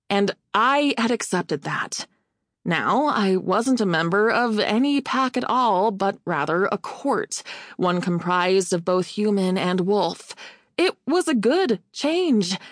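A woman reading a novel aloud as an audiobook narrator, in a measured, expressive first-person telling on a close studio mic. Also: mid-range voice, no room sound.

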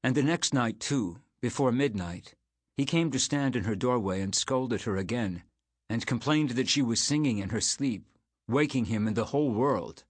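A man narrating an audiobook in a measured, unhurried way. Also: medium pitch, animated, slightly rough, no room sound.

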